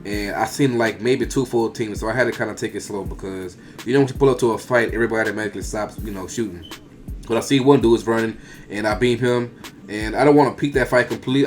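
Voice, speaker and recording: A man giving a casual, rambling voice-over that talks through his own gameplay clips play by play, with slang. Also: fairly low pitch. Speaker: gaming video creator.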